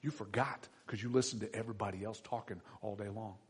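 A man preaching a children's sermon as pastor, swinging between hushed and loud emphasis. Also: fairly low pitch, fairly even intonation, quick pace, slightly rough.

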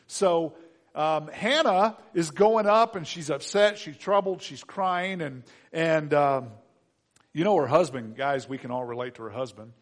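Chatty joking preacher, a bit high. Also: male voice, a little slow. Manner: conversational and joking, with frequent fillers and restarts. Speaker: pastor. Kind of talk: sermon.

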